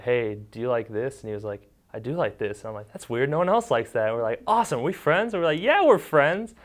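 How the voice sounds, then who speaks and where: A young man casually recalling camp memories, with lots of "like" fillers, acting out the kids' quotes. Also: fairly low pitch. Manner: relaxed storytelling, many "like" fillers, acts out kids' quotes. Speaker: interviewee, former camper and counselor. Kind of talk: casual recollection.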